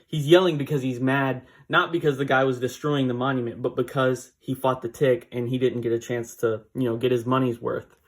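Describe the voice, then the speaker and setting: Man, comic recap, casual, rambling, chuckling, mid pitch. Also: steady tone, a little fast, few pauses. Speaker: comic book reviewer.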